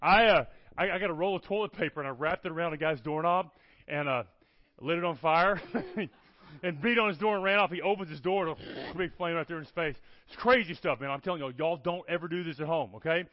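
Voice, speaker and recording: In a storytelling sermon, a guest preacher speaks a little fast with a fairly high male voice, animated and frequently asking "okay? all right?". There's no room sound; the recording is dull, dry, and lo-fi.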